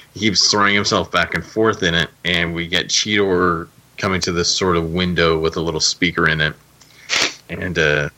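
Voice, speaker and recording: Deep-voiced man recapping an episode. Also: pushed and bright. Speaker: podcast host.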